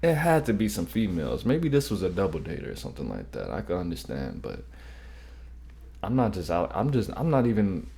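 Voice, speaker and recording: A man's voice: low-pitched, sing-song, brisk, vocal fry, mellow. A man hosting a reaction video, making loose, profane, joking asides between clips. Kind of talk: casual reaction commentary.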